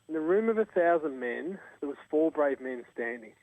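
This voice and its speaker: A man's voice: a little high, lively intonation, fairly quick, hardly any pauses, darkish tone, dry recording. An Australian man, a charity co-founder, telling an earnest, emphatic story in an interview. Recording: tinny phone line.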